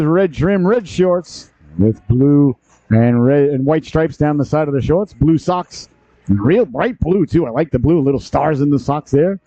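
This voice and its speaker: A man's voice: a little high, mellow, no room sound. A man hosting a youth hockey broadcast, giving chatty, upbeat play-by-play commentary. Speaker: play-by-play host. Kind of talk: sports commentary. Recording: dull, lo-fi broadcast audio.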